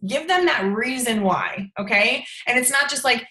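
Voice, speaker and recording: Bright chatty young woman on a video call, lots of ums and laughs, echoey room. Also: moderate pace, hardly any pauses. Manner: chatty, animated, full of fillers and laughter; acts out quoted voices with big pitch jumps. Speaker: sales team leader training her team. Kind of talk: casual live video-call training.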